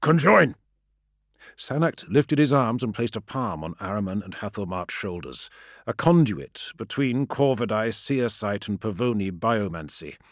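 Low-voiced male fantasy audiobook narrator. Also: lively intonation, moderate pace, no echo, clean studio sound.

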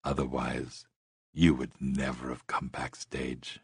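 A cool young woman who needles with dry wit and never hurries, put on by a male storyteller. She speaks deep and hushed, her slow lines carrying a husky grain. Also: monotone, dry recording, heavily acted. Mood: dry teasing. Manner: dry, teasing, unhurried. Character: dry-witted, self-assured young woman, a stripper.

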